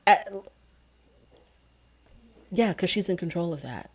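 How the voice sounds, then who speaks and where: A woman with a notably low voice talks through a TV episode in relaxed recap commentary. Her tone is sarcastic and openly indignant, as a show reviewer who keeps her own opinions up front. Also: slow, long pauses.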